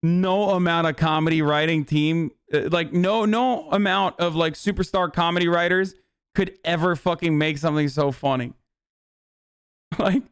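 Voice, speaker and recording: A man reacting to a video on a live stream, casual, profane and excitable. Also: on the high side, a little slow, clear, resonant tone, no echo, clean studio sound.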